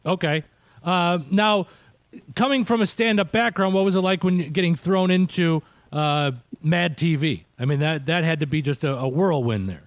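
High-voiced chatty male radio host. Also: moderate pace, dry recording. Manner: chatty, laughs often, stammering restarts. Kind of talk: casual interview.

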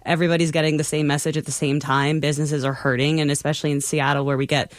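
A mid-pitched panelist, recorded close and dry. The delivery is measured and reassuring, sprinkled with casual likes. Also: little pitch movement, dry recording. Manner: measured, reassuring, says like often. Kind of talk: political discussion.

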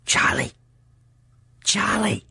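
A man's voice: sits high, sing-song, unhurried, husky, no room sound, pitched above the performer's own voice, full character voice. A man voicing an urgent teenage boy who whispers through a window in an audiobook reading. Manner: hushed, pressing whisper.

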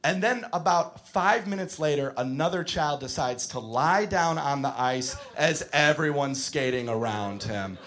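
A young man doing stand-up storytelling, profane and exasperated, breaking into shouts. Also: on the high side, expressive, unhurried, hardly any pauses. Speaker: stand-up comedian. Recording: live comedy club with audience laughter.

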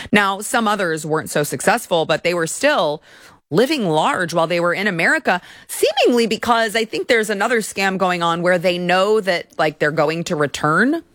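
A woman's voice: medium pitch, lively intonation, normal speed, a bit bright, no echo, clean studio sound. A woman giving opinionated video commentary in a sarcastic, indignant rant. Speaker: political commentator.

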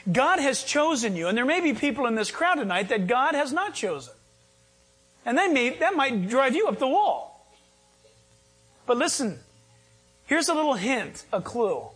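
A man pastor preaching a sermon to a live congregation in a conversational style, jumping into sudden high emphatic bursts. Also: fairly bright tone, husky. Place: church with live audience.

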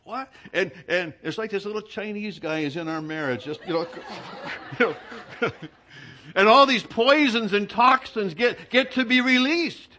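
Male pastor, bright voice, conversational preacher who pokes fun at himself. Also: sits high, a little slow. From Southern California. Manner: conversational storyteller, self-mocking humor. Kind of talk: sermon with humorous personal anecdotes.

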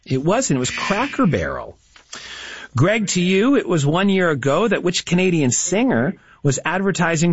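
A man's voice: high-pitched, very animated, normal speed, slightly rough. A man hosting a radio call-in trivia quiz, chatty and encouraging with the callers. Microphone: studio broadcast mic. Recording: slightly dull, dry studio mic.

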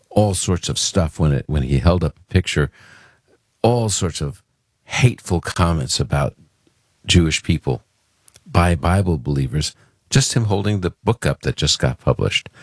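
A man from Brooklyn hosts a call-in radio show with an extremely deep voice. His talk is earnest and conversational, full of fillers and restarts. The sound is close and dry. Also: husky, no echo. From Brooklyn, New York.

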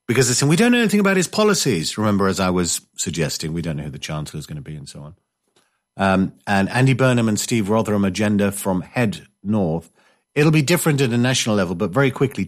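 A man hosting a casual chat show, telling rambling stories with jokey, self-mocking asides and reading out listener messages. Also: on the low side. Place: indoors, living in coastal Spain.

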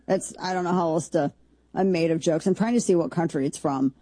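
A woman's voice: lowish voice, fairly quick, mellow, breathy edge, dry recording. A woman hosting a talk radio show, riffing incredulously and jokingly on a video clip in a rambling way. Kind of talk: opinionated talk radio commentary.

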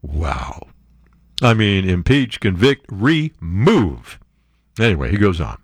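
A man hosting a show, reading news stories aloud and breaking off into sarcastic, animated commentary. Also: unhurried, dry recording, clean studio sound. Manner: animated, sarcastic asides, jumps to high exclamations. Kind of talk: casual political commentary.

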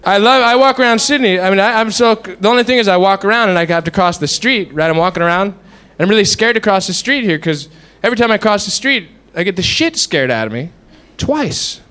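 A man's voice: high-pitched, lively intonation, a little fast, pushed and bright, clear, resonant tone. A man doing a stand-up routine, rambling and self-mocking as he tells his stories. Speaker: stand-up comic.

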